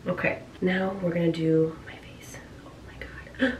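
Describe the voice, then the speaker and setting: A woman's voice: fairly low pitch, moderate pace. A woman making a casual vlog at home, gasping and exclaiming, often dropping to a half-whisper. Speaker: vlogger. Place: bathroom at home. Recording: echoey room, voice a bit far from mic.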